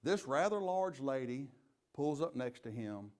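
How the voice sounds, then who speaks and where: A man's voice: mid-range voice, a little slow. A middle-aged man, a police chief giving a leadership training talk full of folksy, joking stories. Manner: lively storyteller, folksy and joking.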